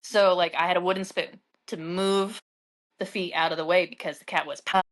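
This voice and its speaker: A woman co-hosting a casual podcast, telling animated stories full of "like" fillers. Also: fairly low pitch, normal speed. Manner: animated storyteller, heavy use of "like". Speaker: podcast co-host. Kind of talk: casual chat.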